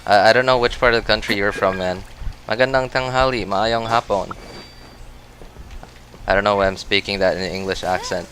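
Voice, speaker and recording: A man's voice: low voice, steady tone, fast, few pauses, fairly bright tone, slight background noise. A Filipino man with an American accent, streaming gameplay and chatting with his viewers. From Philippines. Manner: chatty, reacts aloud and answers chat. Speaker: game streamer. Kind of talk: gameplay livestream commentary.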